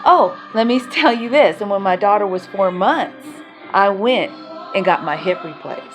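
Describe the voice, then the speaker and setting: A woman's voice: medium pitch, expressive, moderate pace, soft background music. A woman telling her own life story as a mother, emotional and rambling, speaking bluntly and swearing.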